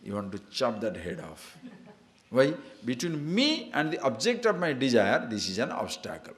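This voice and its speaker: A man teaches scripture in a talk full of everyday stories. He keeps pausing to ask his listeners to see and understand, and laughs at his own examples. His voice sits at an ordinary middle pitch. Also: huge pitch swings. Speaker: spiritual teacher. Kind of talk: spiritual discourse on scripture.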